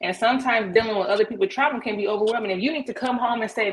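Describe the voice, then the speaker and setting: A woman's voice: fairly high pitch, rapid-fire, slight background noise, rough recording. A woman co-hosting a podcast, talking bluntly and emphatically with plenty of profanity in a casual debate. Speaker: podcast co-host.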